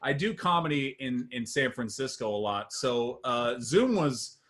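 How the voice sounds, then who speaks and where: A man's voice: mid-range voice, expressive, a bit bright. A man doing a stand-up set over a video call, rambling with restarts and chuckling at his own jokes. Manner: rambling, halting delivery with many restarts and chuckles. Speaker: stand-up comedian.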